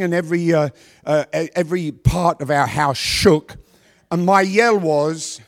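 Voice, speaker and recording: A middle-aged man preaching a sermon to a congregation on a handheld microphone, with a worn voice, asking rhetorical questions and pausing for effect. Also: on the high side. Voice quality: voice worn from past yelling. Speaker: pastor.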